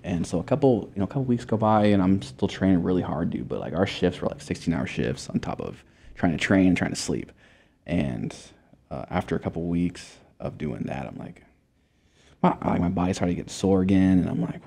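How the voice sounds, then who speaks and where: A man's voice: deep voice, expressive, brisk, vocal fry, dark tone, husky. A young man from Montana, a guest in a casual interview, telling his story in a laid-back way, with lots of swearing and filler words. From Montana, USA.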